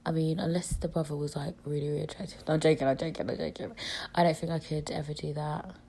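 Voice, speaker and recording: A young British woman with a cold rambles through a casual solo podcast. Her voice is low-pitched and mellow. She talks frankly and swears freely. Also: fairly even intonation, quick pace, creaky, slightly rough. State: has a cold. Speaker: podcast host.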